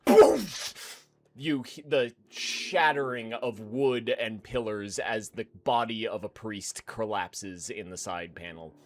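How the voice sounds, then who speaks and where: A man's voice: lowish voice, slow, hardly any pauses, a bit bright. A man narrating as game master of a tabletop game, with vivid, dramatic narration.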